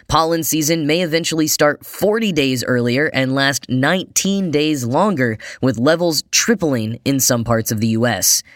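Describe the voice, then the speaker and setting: A man's voice: fairly high pitch, a bit bright, no echo, clean studio sound. A man hosting a daily news podcast, reading scripted stories in a conversational way with wry asides; his voice is slightly strained and nasal from allergies. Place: New York.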